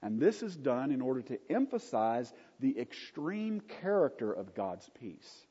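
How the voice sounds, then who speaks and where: A man with a mellow, slightly husky voice gives an unhurried Bible lecture, stressing key words and dropping in casual asides. The recording is dull and lo-fi, with a long reverb trailing off the walls of a large hall. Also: medium pitch, very animated. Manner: unhurried, emphatic, with conversational asides. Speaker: Bible teacher.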